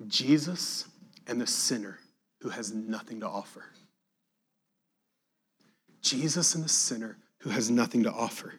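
Male preacher, mid-pitched voice, moves between emphatic scripture reading and hushed reflection. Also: normal speed. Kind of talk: sermon reading and expounding scripture.

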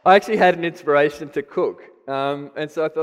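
A man's voice: a little high, fast. A middle-aged man with an Australian accent giving a candid, self-deprecating sermon testimony. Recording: long hall reverb.

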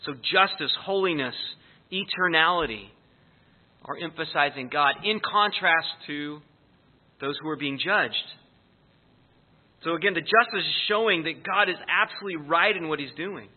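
A man's voice: a little high, normal speed. A man with a slightly raised voice gives an earnest, explanatory verse-by-verse sermon. The sound is thin and narrow, as if it came down a phone line. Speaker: Bible teacher.

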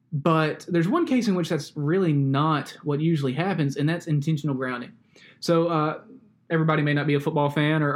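Man from Alabama preaching conversationally. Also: a little high. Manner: conversational, uses sports stories and tag questions. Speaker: pastor. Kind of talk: sermon.

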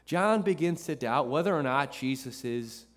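A man's voice: mid-range voice, lively intonation, moderate pace. Emphatic male pastor in a reverberant hall. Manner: emphatic, repeats phrases for effect. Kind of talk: sermon. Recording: long reverb of a large hall.

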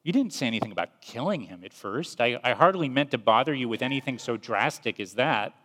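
A man's voice: expressive, brisk, sharp tone. A man voicing a fussy, nervous male ghost who pleads and makes excuses. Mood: flustered pleading. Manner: nervous, apologetic, higher-pitched. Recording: long reverb.

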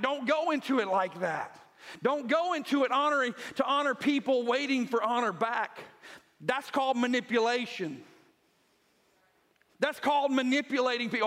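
High-voiced man preaching a sermon. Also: animated, moderate pace, a bit bright. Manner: retells scripture as vivid storytelling; drives points home with repeated phrases. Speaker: pastor. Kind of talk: Sunday sermon.

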